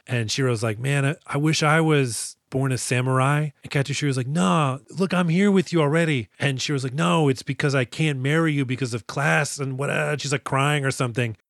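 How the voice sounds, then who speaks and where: A man co-hosting a casual movie-review podcast, animated and profane, acting out characters as he recaps scenes. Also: mid-range voice, brisk, creaky, hardly any pauses, dry recording, studio quality. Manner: animated, swearing, acts out characters in quotes. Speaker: podcast co-host.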